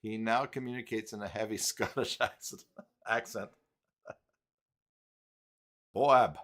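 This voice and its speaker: A man's voice: fairly low pitch, steady tone, moderate pace, a bit bright. A man hosting a casual live stream, rambling and reading chat messages aloud.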